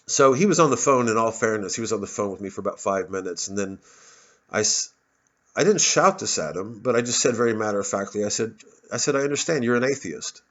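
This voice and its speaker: A man's voice: fairly low pitch, animated, fast, a bit bright, lo-fi sound. A man ranting angrily to his phone camera, swearing and stumbling over repeated words. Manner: angry, profane, stammering repetitions. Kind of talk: casual rant. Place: outdoors, smoking a cigarette. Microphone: phone propped on a bottle.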